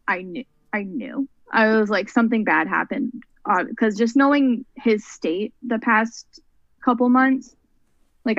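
Brief: young woman guest, earnest rambling storyteller, mid pitch, dull dry recording. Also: a bit bright, dry recording. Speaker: guest, mental health advocate. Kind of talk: personal story in a podcast interview.

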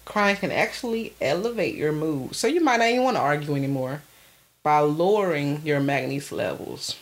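A woman's voice: low voice, expressive, moderate pace. A woman co-hosting a casual podcast, joking and rambling off topic. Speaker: podcast co-host. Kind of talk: casual chat.

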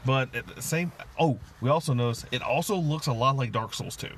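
A man's voice: medium pitch, a little fast. A man co-hosting a casual podcast, rambling and self-mocking, often trailing off mid-thought. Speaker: podcast co-host. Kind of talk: casual chat. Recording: lo-fi podcast with faint hiss.

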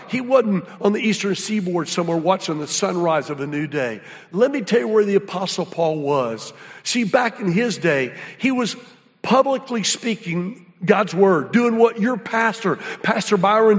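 A man giving a sermon, telling stories in a lively, folksy way and dropping to a hushed tone at moments of awe. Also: high-pitched. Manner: animated storytelling, folksy, drops to hushed awe. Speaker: guest speaker. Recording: hall reverb.

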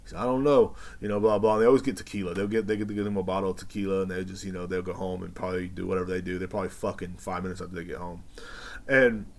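A man's voice: low voice, flat delivery, very fast, creaky. A man hosting a podcast, telling rambling, profane stories in a casual monologue full of fillers. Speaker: podcast host.

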